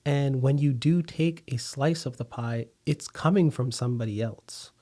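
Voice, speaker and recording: A man speaks as a podcast guest with a warm, mellow voice, neither high nor low. He tells his business story steadily and thoughtfully, pausing on the odd filler. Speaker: food company founder, guest. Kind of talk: conversational interview.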